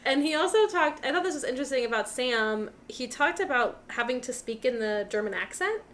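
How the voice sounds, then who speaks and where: A woman's voice: sits high, lively intonation, fairly quick, a bit bright. A woman co-hosting a casual movie podcast, chatty and full of trivia, often quoting people in little voices. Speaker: podcast co-host.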